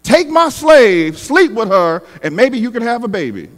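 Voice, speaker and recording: Man putting on a fretful old matriarch, high and swooping, wheedling then blaming, churchy echo. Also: sing-song, normal speed. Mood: scheming. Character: scheming, fretful older woman, biblical matriarch.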